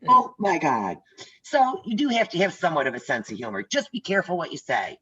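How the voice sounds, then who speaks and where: A woman's voice: fairly low pitch, huge pitch swings, fast talker, husky, muffled recording. An older woman teaching a class on a video call, chatty and direct, telling stories as she goes. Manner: chatty, tells stories, talks straight to trainees. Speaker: real estate instructor.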